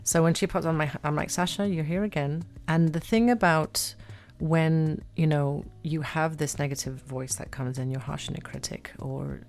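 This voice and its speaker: A woman life coach chatting on a podcast, animated, repeating words and acting out her own self-talk. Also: deep voice, moderate pace, gravelly, few pauses. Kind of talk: casual podcast chat.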